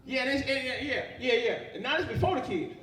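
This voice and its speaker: A man's voice: very high voice, expressive, brisk, pushed and bright, reverberant, distant mic, slight background noise. A young man doing live stand-up comedy, profane and rambling as he works the crowd. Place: comedy club stage. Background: audience laughter.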